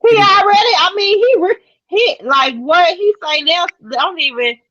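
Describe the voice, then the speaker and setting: A woman chiming in on a casual chat with excitable, loud interjections. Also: very high voice, normal speed, dry recording, lo-fi sound.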